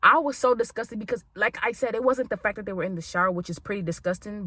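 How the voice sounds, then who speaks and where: Young female vlogger, crisp bright tone, dry close sound, lively storytime delivery with emphatic repeats. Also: medium pitch, fast, dry recording. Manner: animated, exclamatory, speaks straight to viewers as "y'all". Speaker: vlogger telling a college story. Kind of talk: storytime vlog.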